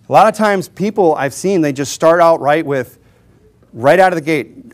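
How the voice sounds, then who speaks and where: A Baptist preacher with a slightly high, animated voice speaks at normal speed in an informal, joking sermon to his congregation. He chuckles often and presses his points through emphatic rhetorical questions.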